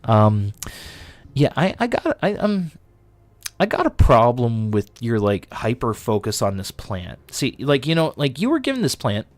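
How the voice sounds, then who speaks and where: A man voicing a patient male God who reasons casually and gently chides. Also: mid-range voice, huge pitch swings, measured pace, no room sound, pitched below the performer's own voice. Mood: gently chiding.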